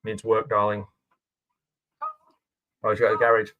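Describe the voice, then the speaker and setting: A man's voice: fairly low pitch, completely flat delivery, a little slow, pushed and bright, dull audio. Chatty man commenting on a film. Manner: chatty, jokey asides, laughs at the film.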